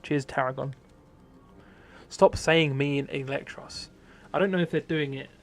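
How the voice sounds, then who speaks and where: A man's voice: fairly high pitch, fairly even intonation, normal speed, fairly bright tone. A young man casually commentating his game live on stream, swearing often, mocking himself and laughing easily.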